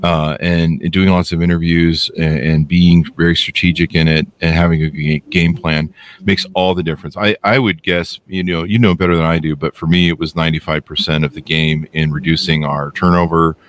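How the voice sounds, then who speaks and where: Deep-ish guy hosting a podcast, animated storyteller, faint hum behind him. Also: brisk. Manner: animated storyteller, pitch jumps up when quoting himself. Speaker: podcast host. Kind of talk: casual interview chat, telling an anecdote.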